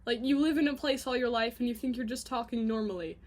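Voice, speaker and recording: A woman's voice: fairly high pitch, fast, darkish tone. Chatty rambling woman vlogger. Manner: scattered, chatty, hums and sings to herself. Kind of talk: rambling casual video diary.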